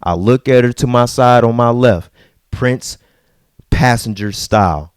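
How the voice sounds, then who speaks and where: A man hosting a podcast, telling a story in a casual, animated and profane way and acting out the people in it. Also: medium pitch, a little slow, clean tone. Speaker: podcast host.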